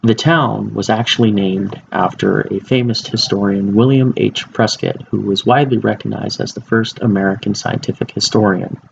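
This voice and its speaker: Low gravelly young man giving a speech. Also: fairly even intonation, normal speed, hardly any pauses. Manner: informal, with fillers and restarts. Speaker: student speaker. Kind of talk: informative class speech. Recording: muffled lo-fi recording with faint background hiss.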